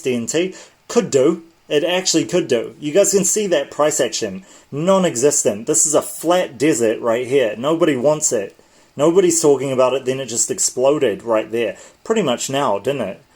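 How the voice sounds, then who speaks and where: A man's voice: mid-range voice, a little mellow, breathy edge. Tired man chatting through crypto charts. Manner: chatty, loose, with frequent self-corrections. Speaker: crypto trading channel host. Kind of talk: casual livestream chart commentary.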